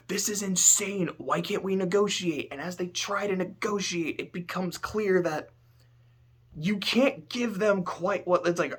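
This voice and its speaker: A man talking casually about a story, animated and swearing, swinging between loud outbursts and low muttering. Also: slightly rough. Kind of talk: casual spoken commentary.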